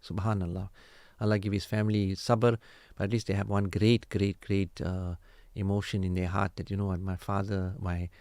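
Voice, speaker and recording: A man hosting a radio marriage counselling talk, animated and preachy, acting out quoted family dialogue. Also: low voice, moderate pace, dry recording. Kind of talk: casual radio advice talk.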